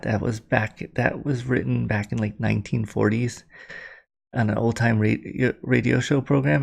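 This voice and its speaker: A man with a heavily gravelly, creaky voice, spinning a rambling spooky tale straight to camera. His telling is casual and loose, full of asides. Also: on the low side. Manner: rambling and conversational. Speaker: storyteller. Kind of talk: casual spoken storytelling to camera.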